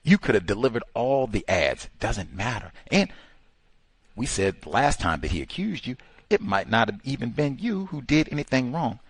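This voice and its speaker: A man's voice: mid-range voice, big pitch swings, moderate pace, slightly rough, dry recording. A man hosting a talk show, giving impassioned, emphatic commentary full of exclamations and rhetorical questions. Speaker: host.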